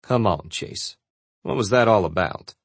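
A man's voice: fairly low pitch, a little slow, no room sound. A man reading an annoyed young male college friend who complains.

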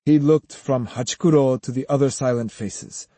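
A man narrating a historical novel as an audiobook in steady, even storytelling. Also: medium pitch, moderate pace, hardly any pauses, dry recording. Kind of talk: scripted narration.

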